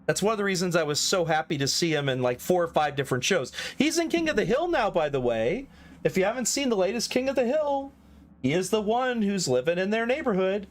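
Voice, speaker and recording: Chatty Texan man with a lively voice. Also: sits high, fairly quick. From Texas. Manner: chatty, rambling, self-correcting. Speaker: game streamer. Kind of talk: casual live-stream chat.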